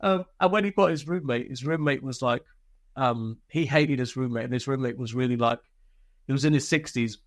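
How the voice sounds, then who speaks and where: A man recounts his army days as an interview guest, speaking loosely with plenty of swearing and restarts. His voice sits at a middle pitch. The recording is dry and close, with no room sound. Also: a little fast, dry recording. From Britain. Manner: candid and laid-back, swears freely, many fillers and restarts. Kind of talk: casual storytelling interview.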